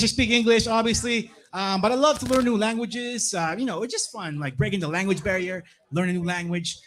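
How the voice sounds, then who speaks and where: A man's voice: high voice, a bit bright. A young man from Massachusetts doing a stand-up comedy set on a club stage, laid-back and tagging his lines with "man" and "right?". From Plymouth, Massachusetts.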